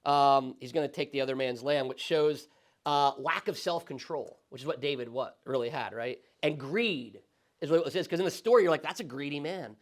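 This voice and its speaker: A male pastor teaching a Sunday school Bible study in a conversational, animated way, often checking in with the class. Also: a little high, normal speed. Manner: conversational, animated, frequent tag questions.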